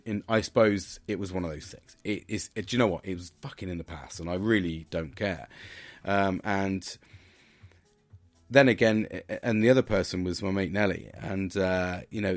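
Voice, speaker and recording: A British man with a low-pitched voice hosts a podcast on his own, rambling casually and swearing as he goes, with lots of restarts. The recording sounds dry.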